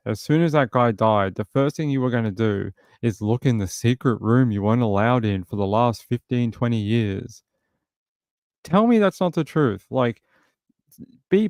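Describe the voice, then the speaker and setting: A man's voice: mid-range voice, creaky, no echo, studio quality. A man hosting a casual true crime livestream, talking bluntly in run-on bursts full of fillers.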